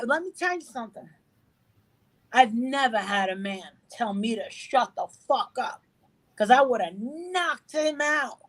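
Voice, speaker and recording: A woman's voice: fairly high pitch, low-quality recording. A middle-aged woman chatting casually as an interview guest, swearing freely and acting out the dialogue in her stories. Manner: swears freely, tells stories with reported speech. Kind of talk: casual chat.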